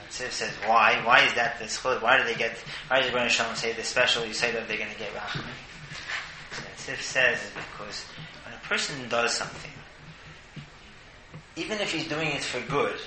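A Torah teacher gives a casual talk in a mid-pitched voice, speaking animatedly and often stumbling over repeated words. The room sounds echoey, and noise is clearly audible in the background.

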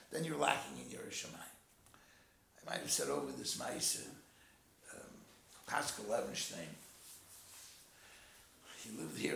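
A man giving an animated Torah class in English full of Hebrew and Yiddish terms, telling a story and explaining verses. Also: fairly high pitch, creaky, a little hiss or hum. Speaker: Torah teacher. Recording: roomy echo.

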